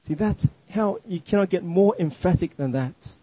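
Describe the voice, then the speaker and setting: A man's voice: high-pitched, lively intonation, normal speed, dark tone, breathy edge, no echo, low-quality recording. A man preaching a sermon in an earnest, emphatic way, often restarting his words.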